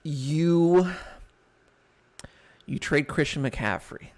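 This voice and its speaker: A young man co-hosting a sports podcast in casual chat, animated and quick to laugh loudly. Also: fairly high pitch. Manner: animated, laughs loudly, breaks into mock impressions. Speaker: podcast co-host.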